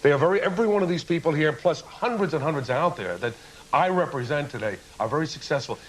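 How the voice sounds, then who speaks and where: Brief: fervent male talk-show guest, slightly high voice, faint broadcast hiss. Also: lively intonation, quick pace, poor audio. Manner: emphatic, lecturing, rhetorical questions. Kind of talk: impassioned talk show speech. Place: TV studio with audience.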